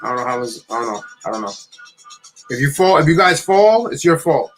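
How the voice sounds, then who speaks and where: A young man from New Jersey telling a long, rambling, animated story while building with bricks. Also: mid-range voice, brisk, soft background music. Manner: rambling, animated anecdote with many restarts. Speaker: LEGO builder streaming.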